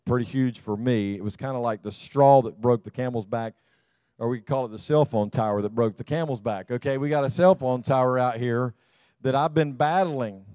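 A man's voice: mid-range voice, normal speed, dark tone, clean tone, dry recording. A man preaching a sermon as a pastor, folksy and emphatic.

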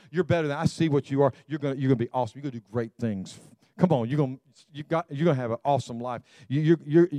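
A middle-aged man preaching a sermon in a conversational, animated way, often repeating and restarting phrases. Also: mid-range voice, no echo. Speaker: pastor.

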